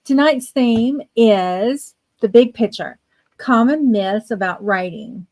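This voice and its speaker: Woman host, fairly high voice, chatty and affectionate on a livestream. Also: slow pace, darkish tone. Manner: affectionate, greets viewers by name. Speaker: livestream host of writing sprints. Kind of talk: casual livestream chat.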